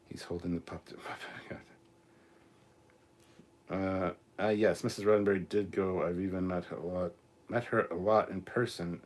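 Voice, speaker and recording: A man's voice: deep voice, steady tone, slow pace, long pauses. A man hosting a live stream, reading out chat comments in a casual, crude way with plenty of swearing. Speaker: host.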